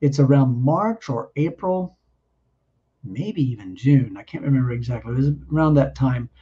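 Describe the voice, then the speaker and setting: Earnest man telling a testimony, mellow voice. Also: medium pitch, lively intonation, slightly rough, highs cut off. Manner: earnest, halting with frequent restarts. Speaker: guest giving testimony. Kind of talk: personal testimony storytelling.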